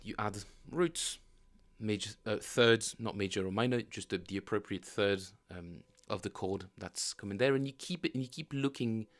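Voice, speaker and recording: Rambling man talking bass practice. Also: normal speed. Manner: rambling, many fillers and self-corrections. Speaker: bass player streaming his practice. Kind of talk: casual livestream teaching chat.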